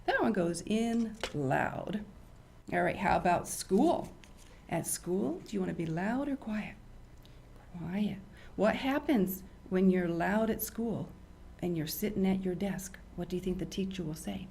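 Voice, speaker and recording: An older woman hosting a children's show, teaching young kids in an animated, teacherly way and asking them questions. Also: mid-range voice, measured pace, gravelly, a little hiss or hum.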